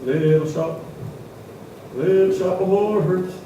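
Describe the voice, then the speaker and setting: A man preaching a sermon, shouting his points with many "uh" fillers and then dropping to quiet asides. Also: very high-pitched, animated, a little slow. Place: church hall. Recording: echoey hall picked up from far off, faint hiss.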